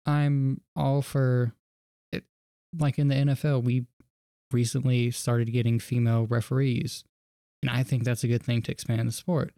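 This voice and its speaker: Swearing guy ranting on a podcast, mellow dark voice, dry sound. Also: medium pitch, flat delivery, normal speed, no echo. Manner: blunt, profane, ranting. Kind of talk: casual chat.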